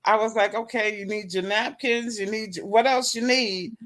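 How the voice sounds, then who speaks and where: Woman, middle-aged, talk show guest, animated storytelling, acts out dialogue, laughing. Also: medium pitch, normal speed, crowd noise.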